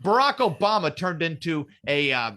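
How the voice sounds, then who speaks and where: A man's voice: a little high, very animated, moderate pace, sharp tone. A man co-hosting a casual podcast, rambling and swearing as he rants and acts out mock quotes. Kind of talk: casual profane political banter.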